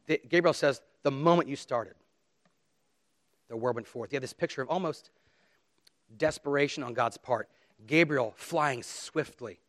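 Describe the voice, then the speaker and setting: A man's voice: mid-range voice, normal speed, long pauses, no echo, studio quality. A man preaching a sermon, earnest and emphatic, reading scripture aloud with dramatic emphasis. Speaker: pastor.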